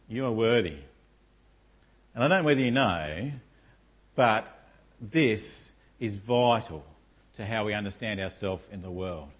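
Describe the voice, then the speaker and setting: A man's voice: lowish voice, animated, unhurried, long pauses, slightly rough. A middle-aged man preaching a sermon in a church, often asking the congregation rhetorical questions like "isn't it?". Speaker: pastor.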